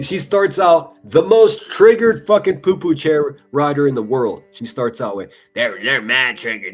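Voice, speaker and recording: Man, live-stream commentator, profane, taunting, average pitch, faint guitar music behind. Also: a little mellow, breathy edge. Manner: profane, taunting, laughs often. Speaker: livestream commentator.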